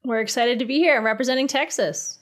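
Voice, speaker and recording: A woman's voice: on the high side, fast. A woman who is an attorney, appearing as a podcast guest and speaking in a friendly, enthusiastic way. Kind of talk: casual podcast chat.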